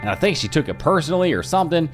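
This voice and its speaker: A young man casually telling a story from his own life, profane and animated. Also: a little high, rapid-fire, music in the background.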